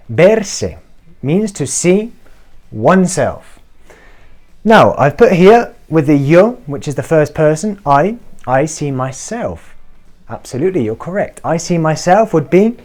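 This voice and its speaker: A man teaching a beginner Spanish lesson to camera, checking in often with "okay?" and slowing down to model each Spanish form. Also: a little high, a little mellow. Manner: encouraging, checks in with frequent "okay?". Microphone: talking to camera.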